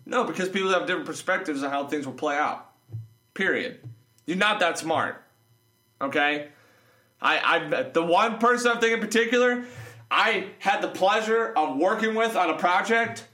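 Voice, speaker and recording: A man's voice: high voice, expressive, moderate pace, pushed and bright. A man ranting in a casual vlog, sarcastic and mocking, rambling with many restarts. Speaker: vlogger. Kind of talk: casual opinion rant. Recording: echoey room.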